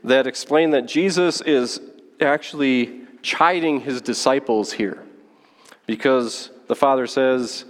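A pastor preaching a sermon, teaching through a Bible passage in a conversational way and checking in with the listeners. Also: male voice, mid-range voice, a little slow. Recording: long hall reverb.

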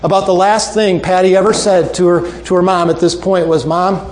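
Man, preacher, sermon, earnest repeated appeals, soft low drops, somewhat high voice, faint background noise. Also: fairly even intonation, brisk. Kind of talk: sermon with closing story and altar call.

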